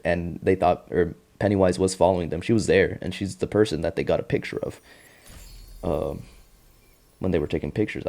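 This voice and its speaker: A man's voice: deep voice, darkish tone. A man hosting a podcast, recapping a TV show in a casual, profane, joking way. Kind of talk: casual chat.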